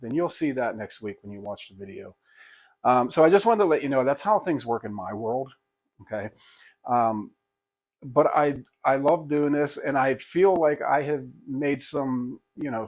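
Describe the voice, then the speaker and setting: An older man, a pastor and hobby woodworker, talking casually to camera in a rambling, folksy, self-deprecating way with many restarts. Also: medium pitch.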